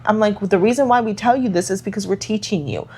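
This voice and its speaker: This is a casual motherhood podcast, and the woman co-hosting it speaks quickly, her medium-pitched voice a bit mellow and slightly rough. She comes across as reflective and earnest, peppering her speech with fillers.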